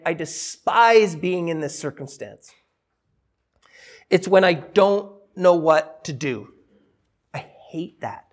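A middle-aged man preaches a sermon in a fairly high voice that swings up and down with lively emphasis. He drives points home by repeating phrases and stumbles through restarts as he works out his thoughts. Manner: emphatic, repeats himself, animated delivery. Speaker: pastor.

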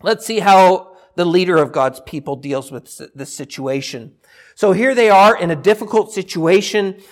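Animated high-voiced middle-aged preacher. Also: male voice, moderate pace. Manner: emphatic, repeats himself, animated delivery. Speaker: pastor. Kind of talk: sermon.

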